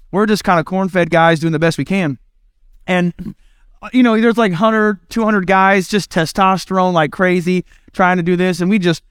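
High, smooth-voiced male preacher. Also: dry recording, studio quality. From Indiana, United States. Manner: conversational, self-deprecating, acts out quotes. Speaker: pastor. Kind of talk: sermon.

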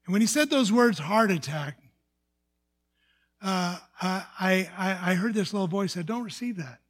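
Sharing a testimony from his own life, an elderly male pastor speaks in a noticeably high voice with a bit of brightness. His plain, sermon-like telling is sincere but halting, full of fillers and false starts.

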